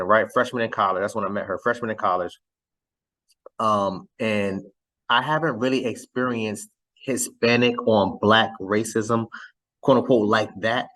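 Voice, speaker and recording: A man's voice: fairly low pitch, a bit bright, poor audio. A young adult man hosting his show, reacting in rambling, conversational commentary. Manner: rambling, conversational, with many fillers. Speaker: host.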